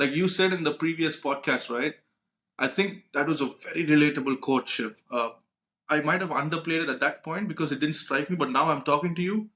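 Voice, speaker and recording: A man co-hosting a casual podcast, telling stories in an animated, expletive-heavy way. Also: fairly high pitch, a little fast. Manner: animated storyteller, swears freely. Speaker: podcast co-host.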